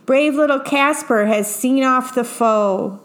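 A woman's voice: high voice, takes it slowly. A woman voicing a bold, bossy young boy pirate captain in a read-aloud picture book, with cheerful commanding calls.

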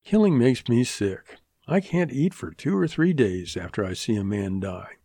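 A man voicing a squeamish, cigar-chewing male boss who flatly refuses to take part, in a western audiobook. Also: medium pitch, moderate pace, husky, no echo, studio quality. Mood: queasy.

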